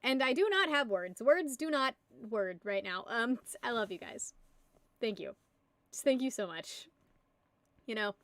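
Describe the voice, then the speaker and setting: A young woman streamer with a high, bright-pitched voice, talking loosely and giggling between rambling answers. Her voice sounds close and dry, with no room around it. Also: lively intonation, measured pace, no echo. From United States. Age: young adult. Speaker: livestreamer. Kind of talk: casual live-stream chat.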